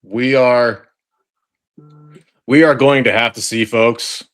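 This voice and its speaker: Slow-talking man reacting to a trailer. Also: mid-range voice, fairly even intonation, fairly bright tone. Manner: chatty, repeats phrases and restarts, addresses the audience as folks. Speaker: online video host. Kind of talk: casual trailer reaction commentary.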